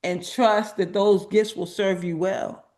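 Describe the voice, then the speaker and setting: A woman's voice: mid-range voice, steady tone, slow pace, a little mellow. A woman hosting an inspirational livestream talk, speaking emphatically and repeating phrases for effect. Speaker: host.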